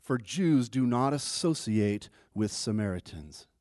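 Pastor, male, mid pitch, talks through Bible verses conversationally; dry close recording. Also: animated, a little slow, darkish tone, no room sound. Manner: conversational, repeats words when restarting. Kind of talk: sermon.

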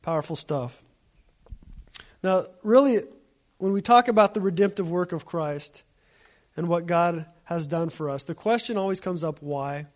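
A man with a notably high voice preaching a sermon. He talks in a relaxed, conversational way, telling stories and repeating his phrases as he goes. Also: a little slow. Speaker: pastor.

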